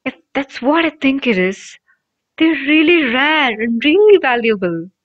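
Woman reader doing an eager boy wizard in a storybook reading, high and lively, dull lo-fi sound. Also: moderate pace. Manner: eager, exclaiming. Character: excitable boy wizard, friendly and easily awed. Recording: dull lo-fi recording.

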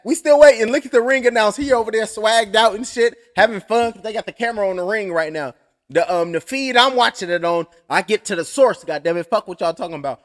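A man doing loose, profane, clowning commentary while waiting for a fight. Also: high-pitched. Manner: loud, joking and profane, keeps clowning. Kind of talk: casual live-stream commentary.

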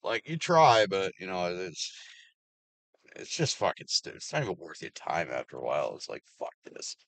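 A man with a fairly low voice vents in a bitter, swearing rant. He lurches from raised outbursts to flat, muttered asides. The sound is close and dry, with no room around it. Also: moderate pace, no echo. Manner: heavily profane, swings between loud outbursts and low mutters. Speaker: vlogger. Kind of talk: angry personal rant to camera.

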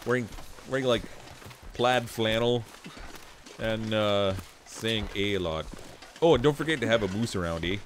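A man's voice: fairly low pitch, moderate pace, long pauses, slight background noise. A man from Southern Ontario with a light Canadian accent, chatting casually with his live chat as he plays. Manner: chatty, laughs often, jokes with chat. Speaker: gaming streamer.

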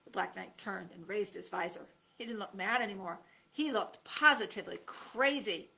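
A woman's voice: normal speed, vocal fry. A woman who works as a teacher reads a children's storybook aloud, jumping her voice up and down to act out each character. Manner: lively, voices each character with pitch jumps.

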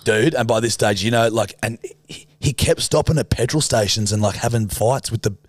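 A man's voice: lowish voice, a little fast, no room sound. A young Australian man co-hosting a podcast, telling a long sweary story in casual chat and acting out the other people in it. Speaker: podcast co-host.

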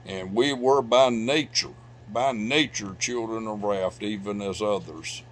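Middle-aged pastor, low-pitched, preaching with loud swells and hushed drops, faint hum under it. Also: male voice, a little slow. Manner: preaching with loud bursts of emphasis and sudden drops to quiet. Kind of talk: sermon. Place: church sanctuary.

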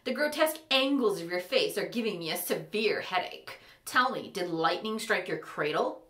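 A woman's voice: medium pitch, animated, moderate pace, a bit bright, echoey room, lightly acted. A woman voicing a rude, pompous young prince under a charm, with a dismissive manner.

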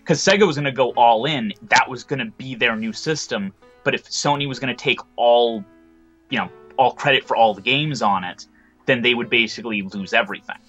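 A man on a casual podcast panel, explaining and correcting details in a measured way. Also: mid-range voice, fairly bright tone, dull audio, faint music behind.

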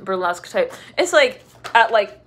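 A woman's voice: medium pitch, sing-song, normal speed, fairly bright tone. Woman doing a tarot reading, super chatty and rambly, lots of "like"s and laughing, bit of faint hiss. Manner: chatty, rambling, laughs often, many fillers. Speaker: tarot reader.

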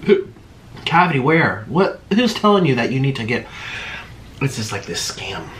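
A man's voice: medium pitch, big pitch swings, moderate pace, a little hiss or hum. Chatty man talking between bites. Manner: chatty, eating between sentences, mouth-full humming. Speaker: mukbang vlogger. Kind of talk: casual chat while eating.

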